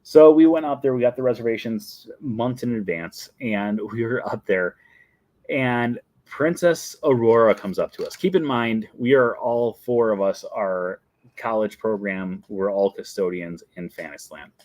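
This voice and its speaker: A man's voice: lowish voice, measured pace, a little mellow, no echo. A young man hosting a casual show where he answers viewer questions. He talks in a chatty, rambling way and laughs often. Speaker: host.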